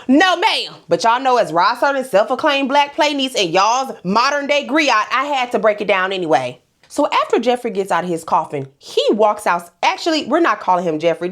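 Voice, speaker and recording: A sassy woman from Louisiana hosts a comedic TV episode recap. Her voice sits high and swings widely as she talks straight to her viewers with pet names. She laughs often as she goes. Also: fairly bright tone. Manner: laughs often while talking. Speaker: host.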